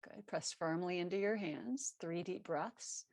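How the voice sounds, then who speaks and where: A woman teaching a live online yoga class, giving calm, steady cues over a video call. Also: lowish voice, measured pace, no echo. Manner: calm cueing with self-correcting laughs.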